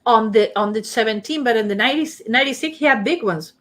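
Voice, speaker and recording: A woman's voice: fairly high pitch, fast, a bit bright. Chatty woman with a strong accent. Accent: non-native English. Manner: chatty, reads and answers viewer comments. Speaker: host and face-reading teacher. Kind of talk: casual live-stream talk.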